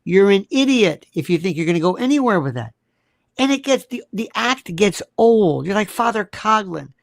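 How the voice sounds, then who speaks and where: A man's voice: sits high, lively intonation, moderate pace, gravelly, dry recording, clean studio sound. A man hosting a live-stream talk show, delivering an emphatic monologue full of repeated rhetorical questions. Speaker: host.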